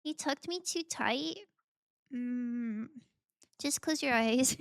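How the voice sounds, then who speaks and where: A woman live-streaming a game, talking in a slow, unhurried, rambling way and giggling as she answers chat. Her voice sits a little high and has a gravelly fry, and the mic sound is dry and close. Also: no room sound. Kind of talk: casual live-stream chat while gaming.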